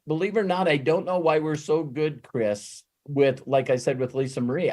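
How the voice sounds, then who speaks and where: A man giving an off-the-cuff motivational talk as a network marketing trainer, rambling and animated, swearing freely and often breaking off and restarting his sentences. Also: medium pitch. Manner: frequent restarts and self-interruptions.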